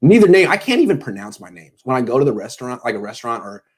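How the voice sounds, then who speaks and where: A man's voice: medium pitch, very animated, rapid-fire, breathy edge. A tired man hosting a pregame sports show, talking casually with jokes and self-deprecating tangents. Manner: joking, self-deprecating, meandering.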